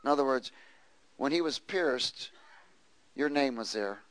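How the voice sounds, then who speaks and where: A man's voice: mid-range voice, expressive, unhurried, fairly bright tone, clear, resonant tone, dry recording, low-quality recording. A man preaching a sermon, reading scripture aloud and prompting the congregation to answer and repeat after him. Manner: reads scripture aloud, prompts congregation with call-and-response questions. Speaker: pastor.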